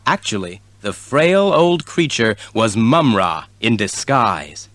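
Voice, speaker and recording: A man narrating a children's story at a slow, measured pace. His voice rises and falls with lively expression, and the sound is close and dry. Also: lowish voice, dry recording. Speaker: audiobook reader.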